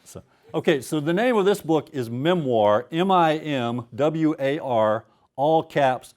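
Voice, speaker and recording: A man's voice: mid-range voice, a little mellow. A man in his fifties, an author at a university event, chatting casually with self-deprecating asides before reading his prose aloud.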